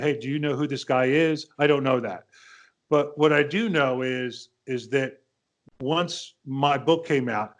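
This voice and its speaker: A middle-pitched man in his fifties tells a story as a podcast host, loose and conversational. He circles back, restarts his sentences and voices the other people in the story as he goes. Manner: rambling anecdotes with quoted dialogue, frequent restarts. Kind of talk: casual storytelling.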